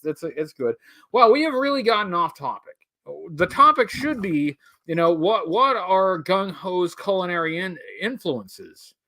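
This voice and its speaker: A man with a notably high voice hosts a live stream, talking to his viewers in loose, casual chat. He rambles and wanders off topic with a wry, chatty manner. The sound is dry and close, with no room around him. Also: fairly bright tone, dry recording.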